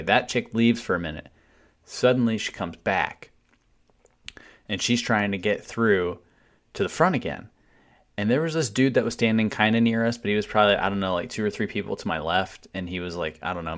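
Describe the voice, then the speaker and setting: Deep-voiced man telling a blunt, profane story. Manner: blunt and swearing freely. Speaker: podcast co-host.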